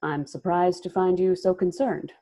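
A woman reading aloud voices a stern, watchful warrior man who stays grave and reserved. The delivery is calm and measured, low and dark in tone, and a bit quieter than the narration.

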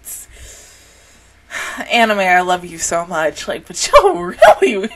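A woman's voice: on the low side, sing-song, takes it slowly, long pauses, noisy background. A young woman hosting an anime reaction channel, talking casually and emotionally, swearing often as she reacts.

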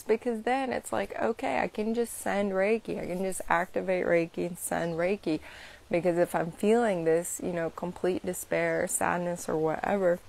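Creaky-voiced woman chatting about healing. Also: on the low side. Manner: rambling, full of "you know" and "like". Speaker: Reiki practitioner hosting a live stream. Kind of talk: casual spiritual chat to viewers.

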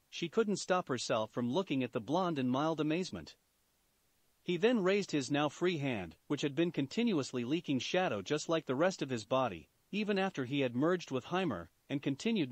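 Animated male story reader. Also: on the high side, moderate pace, no echo. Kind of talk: fan story narration.

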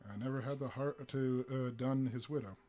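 A man voicing a calm, kindly older bartender who speaks quietly, gently and dryly. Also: mid-range voice, moderate pace, close to an everyday voice.

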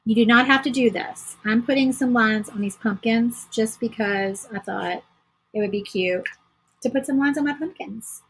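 A woman's voice: on the high side, normal speed, fairly bright tone, slight background noise, low-quality recording. A woman hosting a casual crafting livestream, chatting to viewers while she paints. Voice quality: very husky.

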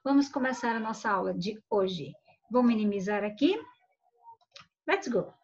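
A woman's voice: on the high side, normal speed, a little mellow. A Brazilian woman English teacher talking to young pupils in an online class, often checking in with them. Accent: Brazilian Portuguese. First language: Portuguese. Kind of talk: casual online class talk. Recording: dull lo-fi online audio.

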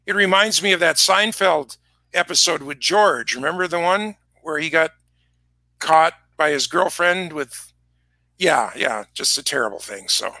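A man's voice: fairly high pitch, lively intonation, measured pace, sharp tone, dry recording. A man hosting a casual online concert pre-show, chatting and telling rambling stories. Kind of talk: casual chat. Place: music shop.

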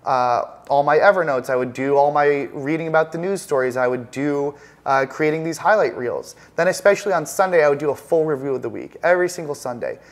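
A man's voice: fairly high pitch, a little fast, few pauses. Intense, emphatic man being interviewed. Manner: intense, emphatic, repeats words while building points. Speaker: professional trader, guest. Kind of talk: conversational interview. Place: penthouse apartment, indoors.

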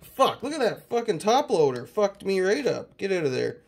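A card-collecting host from Canada chats through his mail day, full of profanity and excited hype. His voice sits a little higher than most men's. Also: normal speed, creaky, heavy background noise. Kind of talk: casual mail-day chat.

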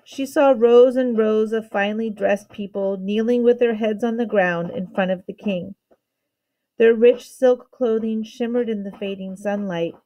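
A woman teacher reading a children's novel aloud with steady, expressive storytelling. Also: mid-range voice, a little slow, dull audio.

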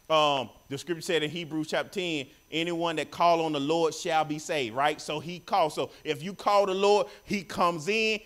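A man preaching a sermon in church, animated, repeating phrases and calling for responses from the congregation. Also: fairly high pitch.

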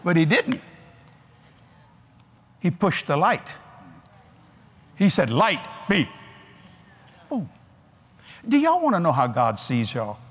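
An older man preaching a sermon at a large convention, animated and folksy, laughing between points. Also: a little high, slow, pauses often, slightly rough.

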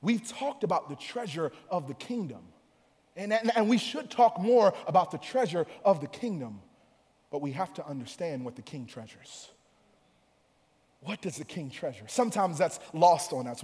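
A man preaches with a high voice that carries through a reverberant hall. He drops to near-quiet, intimate stretches, then climbs into loud, sing-song declarations. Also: sing-song, a little slow. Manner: swings between soft, low passages and loud, sing-song preaching. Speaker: pastor. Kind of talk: sermon.

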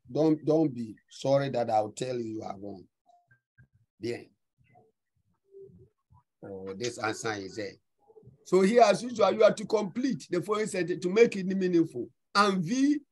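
A man's voice: a little high, rough recording. A man with a Ghanaian English accent teaching French, going over an exam in class and repeating words as he explains. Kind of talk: online class review.

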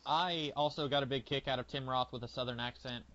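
A man's voice: medium pitch, fairly even intonation, brisk, sharp tone. Laid-back guy chatting on a podcast, lots of uhs, dull lo-fi sound. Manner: easygoing, hesitant with many uh fillers. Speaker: podcast co-host. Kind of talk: casual TV discussion chat. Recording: muffled lo-fi podcast audio.

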